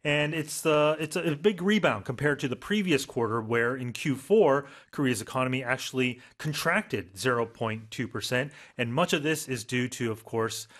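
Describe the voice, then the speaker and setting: A man's voice: mid-range voice, moderate pace, few pauses, a bit bright. A man co-hosting a news explainer, breaking down economic terms in an easygoing way with frequent fillers. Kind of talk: casual news explainer for learners.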